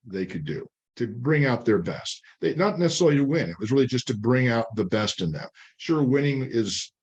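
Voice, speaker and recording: Older man, podcast host, measured, reflective, sums things up, mid-pitched. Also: a little mellow, dull audio. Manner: measured, sums up and draws lessons. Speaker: podcast host, the guest's father.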